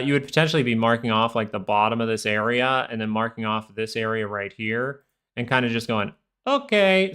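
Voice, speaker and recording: A man's voice: medium pitch, vocal fry, pushed and bright. A young man hosting a live stock market stream, rambling through casual chart commentary full of fillers and goofy asides.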